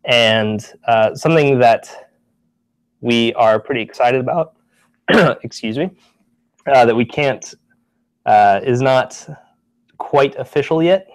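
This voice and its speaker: A man on staff giving a casual office-hours update, relaxed, with many ums and restarts. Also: medium pitch, takes it slowly, pauses often, clear, resonant tone, dry recording. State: briefly out of breath. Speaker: staff presenter.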